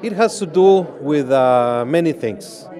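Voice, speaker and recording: A man with a Mexican Spanish accent, giving measured interview answers at an outdoor press event. He talks in a deliberate, halting way with many pauses. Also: a little high, animated, mellow, a faint crowd. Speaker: boxing organization president.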